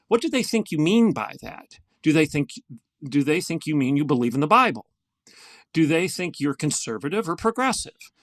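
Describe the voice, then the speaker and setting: Older male podcast guest, gravelly and fairly high-pitched, earnest and emphatic, dry close sound. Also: no room sound. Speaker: guest, former university president. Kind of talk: podcast interview storytelling.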